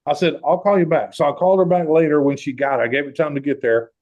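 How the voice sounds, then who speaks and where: A man's voice: fairly high pitch, fast talker, dull audio. A man hosting a group talk, telling a personal story and acting out the quoted voices. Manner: animated, acts out quoted voices. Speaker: host.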